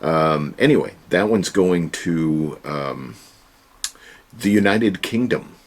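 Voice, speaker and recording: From his storage room, a man who resells online and runs a channel hosts a laid-back home vlog. His voice sits low and moves slowly but expressively, with folksy chatter and jokey asides.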